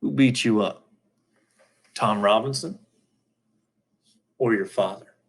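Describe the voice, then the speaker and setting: A man reading aloud, voicing a calm, methodical middle-aged lawyer who asks measured, probing questions. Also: on the low side, gravelly, heavily acted.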